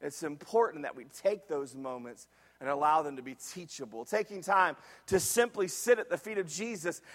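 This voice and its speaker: A man preaching in a church sanctuary, his voice pitched high for a man. His delivery is emphatic, and he repeats key phrases and throws questions back to the congregation. A long reverb trails each phrase. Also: lively intonation, normal speed. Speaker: pastor. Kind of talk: sermon.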